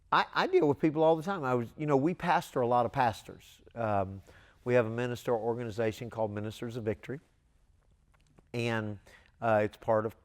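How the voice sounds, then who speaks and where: A man, a pastor, giving a televised sermon in an earnest, emphatic way with long dramatic pauses. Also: medium pitch.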